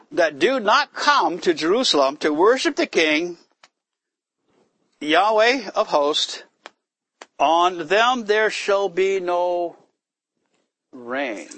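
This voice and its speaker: Animated man teaching from the Bible. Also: fairly high pitch, no room sound, low-quality recording. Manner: animated, acts out complaints in a raised voice; conversational, asks the listeners questions. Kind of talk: informal sermon.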